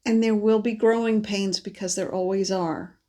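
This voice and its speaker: Speaking at a medium pitch in a steady tone, a female psychic card reader rambles gently through a spiritual message. She sounds stuffed up from allergies and frequently pauses or begins again.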